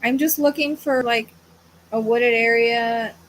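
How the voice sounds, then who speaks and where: A tired woman with a slightly high voice talks through a live psychic reading, pausing and correcting herself as she searches for words. A faint hiss sits under her voice. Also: steady tone, rough recording. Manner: hesitant, searching, trailing off into self-corrections. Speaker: psychic medium host. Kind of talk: live-stream reading, thinking aloud.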